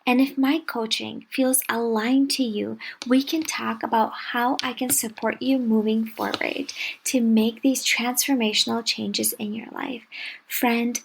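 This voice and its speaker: A woman hosting a podcast and speaking straight to her listeners as a parenting coach, earnest and encouraging, repeating her reassurances and dropping to a soft, breathy delivery at times. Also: a little high, low-quality recording. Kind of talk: direct-to-listener podcast monologue.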